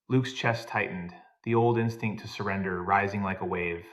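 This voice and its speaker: A man reading a scripted drama story in an even, steady narration. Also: deep voice, normal speed, few pauses.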